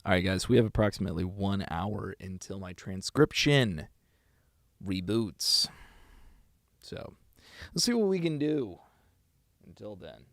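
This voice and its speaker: A man's voice: sits low, animated, a little slow, long pauses, no room sound, studio quality. A man streaming live, greeting his chat with playful, joking banter. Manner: playful, joking, goofy asides. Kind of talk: casual livestream chat.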